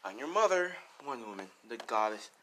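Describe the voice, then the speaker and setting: A man voicing a calm, reassuring warrior princess who is a mother, speaking quiet and matter-of-fact. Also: medium pitch, brisk, slight background noise, rough recording.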